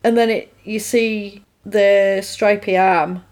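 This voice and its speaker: A woman's voice: mid-range voice, fairly even intonation, takes it slowly, darkish tone. A woman casually recapping a film on a podcast, acting out lines in silly voices and laughing often. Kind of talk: casual chat.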